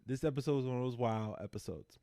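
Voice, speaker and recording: A man co-hosting a podcast, excitedly retelling a TV episode in casual chat, acting out the characters and swearing freely. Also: mid-range voice, fast. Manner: animated storyteller acting out characters, heavy swearing. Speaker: podcast co-host.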